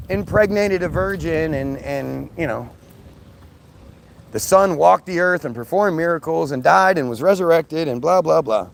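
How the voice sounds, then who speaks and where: Man, high-pitched for a man, live stream rant, blunt, profane, combative, faint background noise. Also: creaky. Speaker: streamer answering viewer comments.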